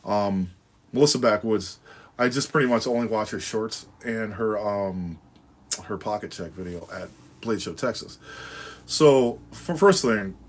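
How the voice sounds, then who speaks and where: A man's voice: lowish voice, measured pace. Laid-back, swearing man on a livestream. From New England. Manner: laid-back, profane, rambling with frequent laughs and fillers. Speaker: livestream host. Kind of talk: casual livestream chat answering viewer comments.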